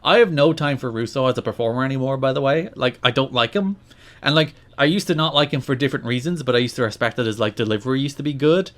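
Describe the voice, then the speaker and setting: A man's voice: mid-range voice, quick pace, a bit bright. A man co-hosting a podcast, recapping old storylines in a wry, casual way. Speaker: podcast co-host. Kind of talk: casual chat.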